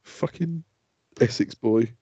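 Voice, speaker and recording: A man's voice: medium pitch, slow pace, warm tone, breathy edge, dry recording. A man co-hosting a casual comedy podcast, ranting and swearing with frequent giggles. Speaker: co-host. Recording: dull lo-fi, dry sound.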